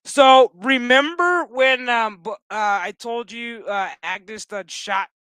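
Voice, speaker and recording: A man's voice: very high-pitched, takes it slowly, pushed and bright, clean tone, no room sound. A man giving a casual, profane, rambling episode recap with sarcastic asides. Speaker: show recap host.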